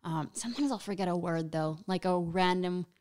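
A woman's voice: lowish voice, moderate pace, smooth. A woman comedian who grew up bilingual in English and Spanish, chatting casually and laughing often as a podcast guest. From United States. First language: bilingual English and Spanish from childhood. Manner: animated, laughs often, acts out quotes.

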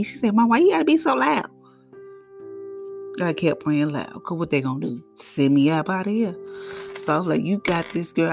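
A middle-aged woman hosts a devotional podcast in a chatty, preachy voice with a gravelly edge. She talks loosely and conversationally, exhorting her listeners. Faint guitar music plays under her voice. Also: low-pitched. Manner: conversational, preachy, African American Vernacular English phrasing. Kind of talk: casual devotional talk.

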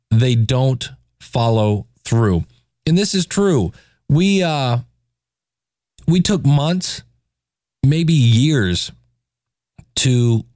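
A man's voice: mid-range voice, a little mellow, no echo, studio quality. A man in his forties hosting a casual solo podcast, talking in a self-deprecating, joking way. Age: 40s. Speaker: podcast host.

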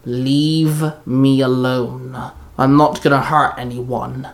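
A man's voice: mid-range voice, little pitch movement, slow, vocal fry. A man voicing a defiant female cheetah monster who snaps and growls.

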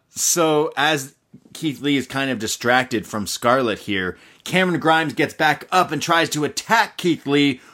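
A man hosting a casual show recap, talking animatedly, swearing and acting out quotes as he goes. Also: medium pitch. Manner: animated, swears, mimics wrestlers' promos. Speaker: podcast host.

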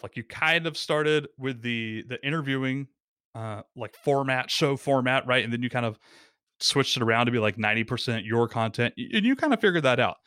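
A man guest on a podcast explains step by step, his voice swinging up and down with energy as he acts out quotes. The mid-pitched voice is recorded close and dry, with no room sound. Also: no room sound. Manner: animated, quick explainer acting out quotes. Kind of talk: casual podcast conversation.

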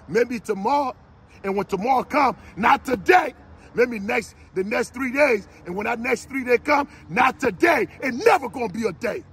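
A man with a raspy, gravelly voice giving a fiery motivational speech, shouting repeated exhortations like a preacher. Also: high-pitched. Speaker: motivational speaker.

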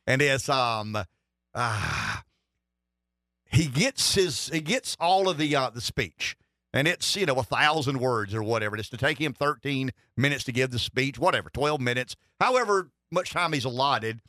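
A middle-aged man hosts a political talk radio show from a studio, speaking at a normal speed in an expressive, mid-range voice with a sharp tone. He's rambling and wry, restarting himself often, and the sound is clean with no room echo.

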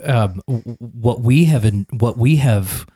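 A man's voice: medium pitch, takes it slowly, dark tone, slightly rough. An American man discussing a church confession in a casual conversation, thinking aloud with many restarts and repeated words. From United States.

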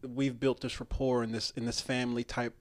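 A relaxed man speaking as an actor guest in a loose, casual interview. His talk is easygoing and peppered with fillers and quick laughs. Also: medium pitch.

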